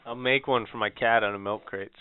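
A man co-hosting a casual podcast, excitable and profane, often cutting in. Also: lowish voice, fairly quick, smooth, no echo. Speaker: podcast co-host. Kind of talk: casual crude banter. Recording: tinny phone-like sound.

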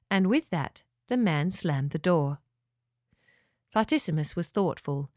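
A woman reading a children's story aloud, gently and expressively, dropping lower on narration tags. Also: lively intonation, measured pace, long pauses, no echo, clean studio sound.

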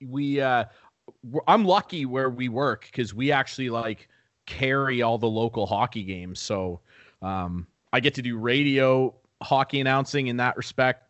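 A man's voice: medium pitch, measured pace, fairly bright tone, no echo, muffled recording. A young man who works as a local sports broadcaster, chatting loosely and animatedly with plenty of swearing. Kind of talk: casual podcast chat.

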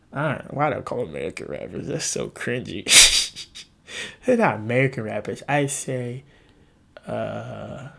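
A man's voice: vocal fry, fairly bright tone. Rambling, playful man hosting a podcast. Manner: rambling, playful, jumps between jokes and musings; acts out quoted voices with big pitch jumps. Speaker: podcast host. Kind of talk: casual solo podcast monologue.

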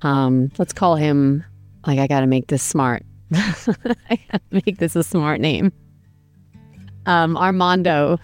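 A woman with a notably low voice tells a rambling travel story in a loose, chatty way. She fills her talk with "like" and "you know" and laughs at herself. Soft guitar music plays faintly behind her. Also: slow pace, pauses often, no echo. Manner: chatty, self-deprecating, lots of fillers. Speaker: podcast host telling a travel story. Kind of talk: casual storytelling monologue.

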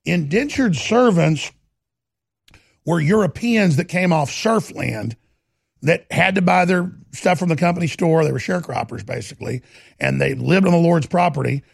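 Gravelly, husky, ranting man. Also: a little high, expressive, normal speed, no room sound, clean studio sound. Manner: indignant, rambling, ranting, shouts at times. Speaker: political commentary host. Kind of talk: ranting political commentary.

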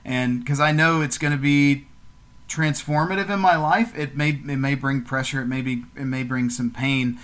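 A man's voice: medium pitch, fairly even intonation, moderate pace, fairly bright tone. A man on a faith podcast who talks earnestly and then leads a spoken prayer, often repeating words. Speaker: podcast co-host. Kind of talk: casual chat and spoken prayer.

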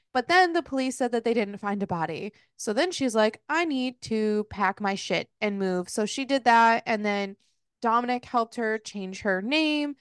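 A woman's voice: on the high side, clear, resonant tone, no room sound, studio quality. A woman co-hosting a podcast, recapping a novel in casual, frank chat and swearing freely. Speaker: podcast co-host.

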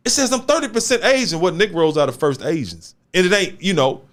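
A man's voice: high-pitched, very animated, brisk, fairly bright tone. A man hosting a casual talk show, speaking emphatically in street slang and repeating words for stress. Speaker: show host. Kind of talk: casual chat.

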